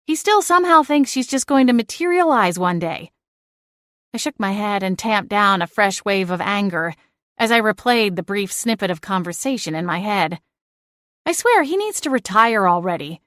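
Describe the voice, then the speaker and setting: A woman narrating a first-person audiobook in a lively, expressive way. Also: medium pitch, normal speed, no echo, studio quality.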